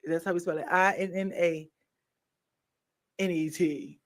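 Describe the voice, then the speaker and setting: A woman's voice: lowish voice, fairly even intonation, a little slow. Playful woman chatting with viewers. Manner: playful, laughs often, swings between loud and soft. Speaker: live stream host. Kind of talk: casual chat with viewers.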